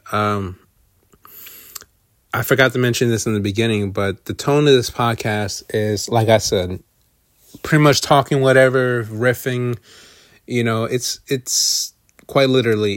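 A man's voice: fairly low pitch, no room sound, studio quality. A man hosting a solo podcast, rambling casually with lots of swearing and self-deprecating asides. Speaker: podcast host.

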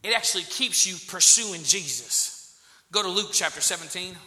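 A man preaching a sermon as pastor, repeating key phrases and rising to loud, impassioned exclamations. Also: high-pitched, animated, normal speed, reverberant.

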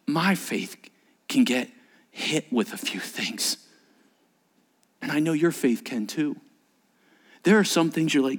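A male pastor delivers a sermon to his church with a somewhat high voice. He preaches in an animated way, pushing hard on some points and dropping to a near whisper on others. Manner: animated preaching, swinging from emphatic to hushed and whispered. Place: church service.

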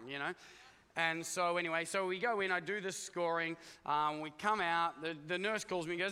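A middle-aged Australian pastor delivers a chatty, joking sermon in an echoey church hall, speaking to the congregation with plenty of asides. His voice is a little high, with fairly even intonation, and it sounds brisk, bright and forceful, clear and resonant.

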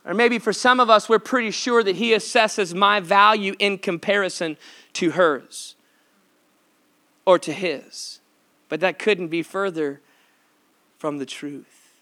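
A man's voice: high voice, a little slow, pauses often, pushed and bright. A male pastor preaching a casual, playful sermon to a congregation, talking in a conversational, emphatic way.

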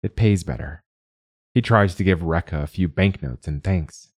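Deep-voiced male story narrator. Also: normal speed, no room sound, studio quality. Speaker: host and narrator.

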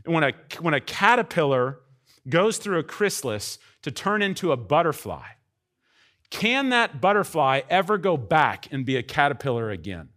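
A man preaching a sermon as pastor, emphatic, with wide swings between quiet and loud. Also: fairly high pitch, very animated, normal speed.

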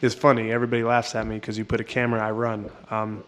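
A man speaking in a casual, rambling way as an interview guest. He repeats himself and restarts sentences as he works through an idea. His voice sits at an ordinary middle pitch. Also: completely flat delivery, quick pace, fairly bright tone. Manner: rambling, repetitive, restarts often. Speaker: interview guest, jiu-jitsu coach.

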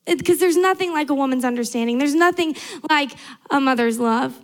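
Young woman preacher, high bright voice, earnest sermon with repeated emphatic lines. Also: a little fast.

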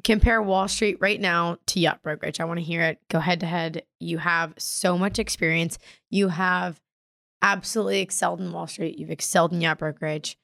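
A woman's voice: lowish voice, steady tone, normal speed, creaky, a bit bright, no echo, clean studio sound. A woman hosting a casual interview, eagerly prompting her guest with questions. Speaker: podcast host.

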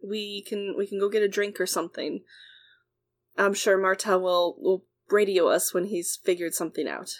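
A woman voicing a kind, practical woman who coaxes others gently, in a tabletop game. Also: mid-range voice, fairly even intonation, normal speed, lightly acted. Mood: coaxing.

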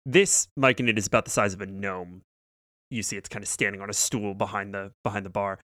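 A man running a tabletop game as game master, narrating in a relaxed, joking way. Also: fairly low pitch, brisk, no room sound, studio quality.

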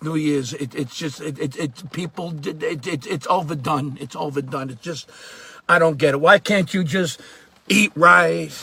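A man voicing an angry, foul-mouthed ranting character with a New York area accent, shouting and cursing. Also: on the high side, gravelly, breathy edge, no echo, full character voice.

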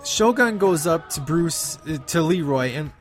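A man's voice: on the high side, measured pace, faint music behind. A man hosting a podcast, giving a casual, rambling retelling of a movie with lots of fillers. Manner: animated, acts out movie quotes in between. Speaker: podcast host.

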